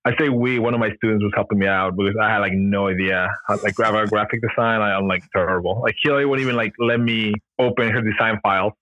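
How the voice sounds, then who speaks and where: A man's voice: fairly low pitch, steady tone, fast, hardly any pauses, sharp tone, no echo, highs cut off. A man telling his story as a podcast guest in a loose, rambling way, full of "like" and "you know", often laughing at himself. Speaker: podcast guest, gear company founder. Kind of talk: casual storytelling in an interview.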